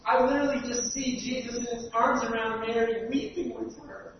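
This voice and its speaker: A male preacher giving an earnest sermon, stumbling over repeated words and swinging between loud stress and near-quiet. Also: extremely high pitch, fairly even intonation, normal speed, hardly any pauses. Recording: dull, echoey hall from far off, faint hiss.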